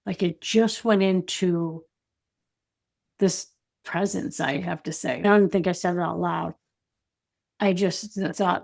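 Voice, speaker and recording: A woman speaking as an interview guest, telling a personal story in a reflective, halting way with many "you know" and "like" fillers. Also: fairly low pitch, fairly even intonation, gravelly. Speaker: intuitive guide and energy advisor, guest.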